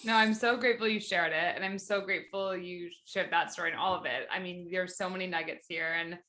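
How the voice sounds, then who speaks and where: A woman's voice: fairly low pitch, fairly quick, sharp tone. A woman hosting a podcast, talking enthusiastically and casually, with many fillers and some swearing. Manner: enthusiastic, swears freely, fills speech with "like". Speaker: podcast host. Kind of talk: casual conversation.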